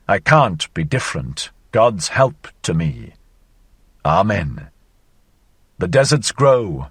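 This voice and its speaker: Male audiobook narrator, low husky voice, very lively dramatic reading, close dry recording. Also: takes it slowly, long pauses, no room sound. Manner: theatrical, sweeping changes of pitch and loudness. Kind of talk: reading a philosophical novel aloud.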